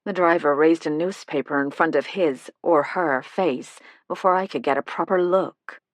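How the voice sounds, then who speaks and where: A woman reading a first-person mystery novel aloud in a measured, even storytelling manner, close to the mic. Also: deep voice, dry recording. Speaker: audiobook narrator. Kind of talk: scripted first-person narration.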